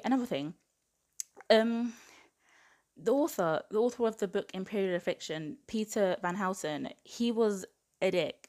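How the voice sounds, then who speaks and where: A young woman in her twenties rants through a casual book review, her voice sitting a little low. She talks in a chatty, exasperated way and fills her sentences with "like". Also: darkish tone. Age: 20s. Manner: exasperated, chatty rant full of "like".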